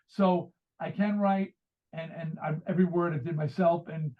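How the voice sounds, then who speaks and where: High-voiced man on a tinny line. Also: level tone, moderate pace. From United States. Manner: rambling storyteller who acts out quoted dialogue. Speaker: guest author and musician. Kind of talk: casual interview conversation. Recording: tinny phone-like remote line.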